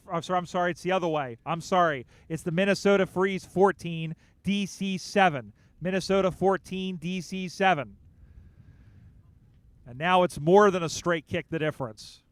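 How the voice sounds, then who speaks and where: A man calling a live game as play-by-play commentator, building excitement in quick bursts on the big plays. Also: sits high, dry recording. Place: outdoor sports field broadcast.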